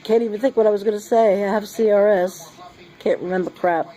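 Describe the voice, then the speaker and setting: Sick middle-aged woman, mellow voice, slap-happy rambling vlog chat. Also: mid-range voice, level tone, fast talker, poor audio. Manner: giddy and rambling, laughing often. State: sick and short of breath. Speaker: vlogger. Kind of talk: casual rambling monologue. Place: sitting at home.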